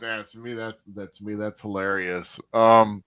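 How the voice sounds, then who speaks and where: A man hosting a podcast interview, who laughs often and asks questions haltingly, with many fillers. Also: lowish voice, fairly even intonation, crowd noise. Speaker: podcast host. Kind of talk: casual interview.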